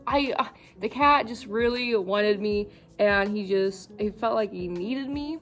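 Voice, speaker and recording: A young woman vlogger talking casually about her cat, halting with many fillers and fighting back tears. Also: mid-range voice, fairly bright tone, soft background music. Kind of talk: casual vlog.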